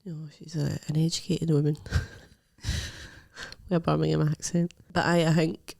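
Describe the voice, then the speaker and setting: A woman's voice: low-pitched, level tone, unhurried, creaky, a little mellow. A young Scottish woman co-hosting a comedy podcast, chatting bluntly and laughing often. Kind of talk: casual chat.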